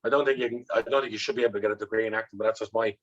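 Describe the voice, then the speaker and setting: An Irish man, a guest in an interview, telling candid stories about himself in a blunt, animated way and swearing freely. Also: fairly low pitch, very fast, dull audio. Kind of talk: candid storytelling.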